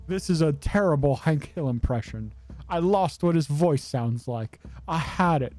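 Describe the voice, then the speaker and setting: Slow-talking joking male streamer. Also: on the high side, expressive, mellow, faint music behind. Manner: joking, self-mocking asides. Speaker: game streamer. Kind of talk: casual commentary over gameplay.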